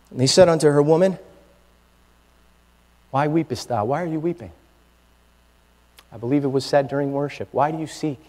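High-pitched guy preaching hard, gets loud then drops way quiet, repeats himself, big echo in the church. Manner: fervent preaching, swings from loud to hushed, repeats phrases. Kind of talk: sermon.

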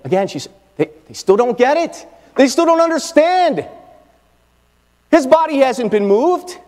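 High-voiced preacher in a reverberant church. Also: male voice, unhurried. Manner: fervent preaching, swings from loud to hushed, repeats phrases. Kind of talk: sermon.

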